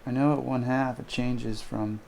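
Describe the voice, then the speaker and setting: A man's voice: medium pitch, steady tone, a little slow, gravelly, dark tone, a little hiss or hum. A man teaching calculus in a recorded homework walkthrough, thinking aloud as he sketches graphs and corrects himself. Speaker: math teacher.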